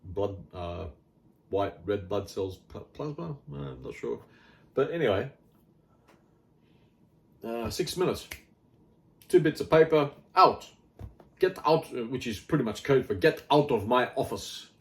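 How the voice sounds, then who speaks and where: A man's voice: mid-range voice, lively intonation, unhurried, vocal fry, long pauses. A middle-aged man with an Australian accent, talking in a rambling, blunt and wry casual monologue full of fillers. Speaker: health vlogger.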